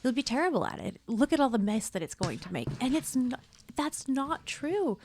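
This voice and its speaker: A woman's voice: high-pitched, big pitch swings, moderate pace, a little mellow, a little hiss or hum. A woman co-hosting a podcast in casual chat, talking candidly and swearing now and then. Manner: candid, swears casually, acts out inner voices. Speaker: podcast co-host.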